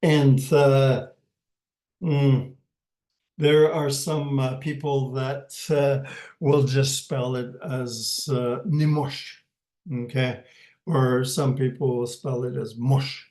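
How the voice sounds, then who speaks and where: Man, teaching a class, patient, repeats words, halting, roomy sound. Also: mid-range voice, level tone, warm tone. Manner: hesitant, many pauses and fillers, repeats words. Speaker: language teacher. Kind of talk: slow, patient language lesson. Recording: roomy echo.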